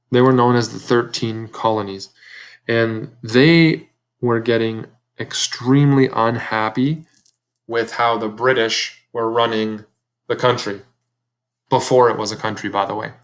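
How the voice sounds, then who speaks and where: A male teacher giving a recorded history video lesson to seventh graders in a conversational way, often speaking straight to the students and correcting himself. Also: medium pitch. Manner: conversational, self-correcting, addresses students directly.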